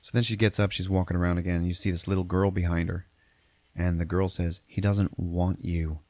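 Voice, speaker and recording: A man's voice: low voice, little pitch movement, quick pace, a little mellow, dry recording. A man hosting a podcast, recapping a movie in a rambling, profane, casual way. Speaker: podcast host.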